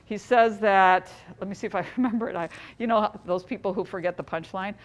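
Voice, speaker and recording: A woman giving a live workshop to teachers, speaking in an easy, chatty way at a mid-range pitch. She talks to her listeners directly and keeps things light with a joke now and then. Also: fairly quick. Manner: conversational, chatty, jokes with the audience. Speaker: workshop presenter for educators. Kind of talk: live training presentation.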